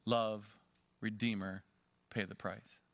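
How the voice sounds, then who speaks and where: A man preaching a sermon as a pastor, swinging between loud urging and quiet asides. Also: on the low side, little pitch movement, slow pace, no echo.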